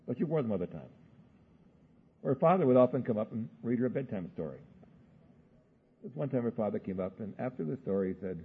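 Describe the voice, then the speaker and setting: A man preaching a sermon, telling homely stories in a folksy way and slowing down for searching questions. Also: medium pitch, animated, husky. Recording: muffled phone-like sound.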